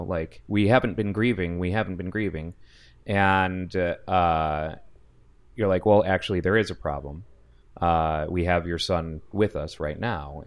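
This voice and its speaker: Man, very deep voice, slow unhurried delivery, laid-back storyteller, casual chat. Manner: laid-back, filler-heavy storytelling, bursts into laughter. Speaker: podcast co-host.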